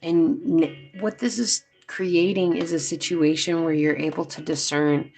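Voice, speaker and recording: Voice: medium pitch, flat delivery, measured pace, gravelly, darkish tone, soft background music. A tarot reader giving a casual, chatty reading to viewers, talking loosely with lots of fillers.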